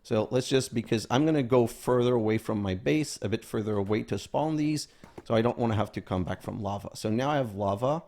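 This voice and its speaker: A man's voice: medium pitch, brisk, darkish tone. A man hosting a gaming video, casually commenting as he plays and thinking aloud, sometimes counting items under his breath.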